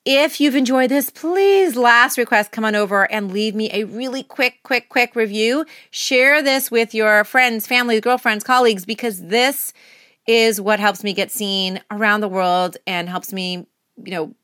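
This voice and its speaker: A woman hosts her own podcast, delivering a motivational solo outro straight to her listeners in an upbeat, encouraging, chatty way with casual fillers. Her voice is fairly high and fairly bright, and she speaks a little slowly. The sound is clean studio audio with a dry recording.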